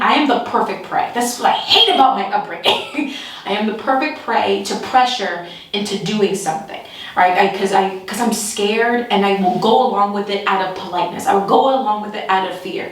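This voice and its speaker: A woman telling a story in a casual storytime vlog, animated and breaking into nervous laughter. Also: medium pitch, moderate pace. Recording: echoey room, distant mic.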